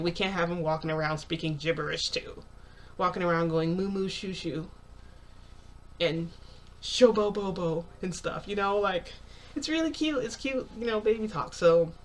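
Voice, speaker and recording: A woman's voice: lowish voice, slight background noise. A young woman vlogger retelling a story to her viewers in a chatty, rambling way, quoting what people said. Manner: chatty, filler-heavy retelling with quoted dialogue.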